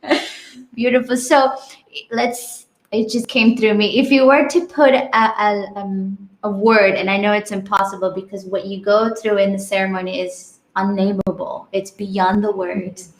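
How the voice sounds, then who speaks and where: Gentle affirming female host, gravelly. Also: mid-range voice, level tone, moderate pace, echoey room, low-quality recording. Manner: gentle, affirming, soft backchannels. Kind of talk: interviewing and reading viewer comments.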